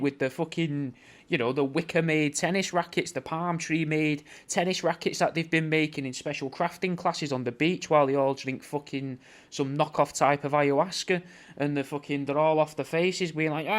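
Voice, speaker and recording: A man hosting a podcast, rambling through a sweary, mock-conspiratorial comedic rant and calling the listener mate. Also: on the high side. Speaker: podcast host.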